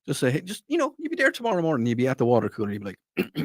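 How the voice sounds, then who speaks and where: A man's voice: medium pitch, very fast, dry recording, clean studio sound. A middle-aged Irish man hosting a casual radio talk show, rambling and restarting his sentences. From Ireland. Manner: rambling, animated, frequent restarts. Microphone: studio microphone.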